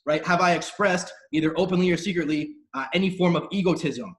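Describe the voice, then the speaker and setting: A man's voice: sits high, a little fast, a bit bright, poor audio. A man hosting a live online training call, giving an emphatic, repetitive motivational talk in slangy, casual speech. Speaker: host of a team training call.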